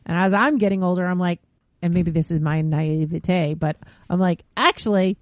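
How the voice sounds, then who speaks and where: A woman's voice: lowish voice, steady tone, moderate pace, a little mellow, no room sound. A woman co-hosting a podcast in casual chat, asking questions and backing up her partner with short agreements. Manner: encouraging listener, frequent short agreements. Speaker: podcast co-host.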